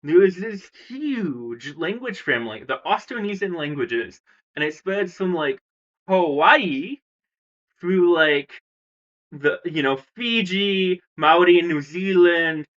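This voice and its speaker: Young man, casual host, bright tone, slightly muffled sound, filler-heavy rambling. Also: high-pitched, lively intonation, slow pace. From United States. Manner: chatty, with frequent fillers and self-corrections. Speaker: language video host. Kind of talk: casual ranking commentary.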